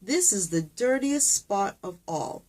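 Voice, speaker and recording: A woman's voice: mid-range voice, big pitch swings, slow, a little mellow, distant mic. Fussy farmer's wife, read by a woman. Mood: prim.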